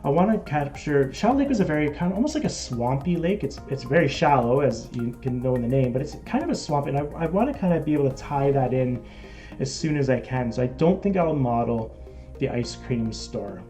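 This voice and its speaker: A man's voice: mid-range voice, expressive, brisk, warm tone. Canadian man, live-stream host, casual chat, faint music behind. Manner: chatty, reads out viewer comments.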